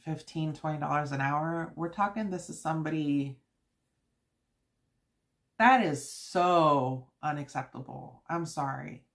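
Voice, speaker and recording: A woman's voice: sits low, a little slow, creaky. A woman hosting a live stream, chatting casually and venting in a rambling way with many fillers. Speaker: channel host.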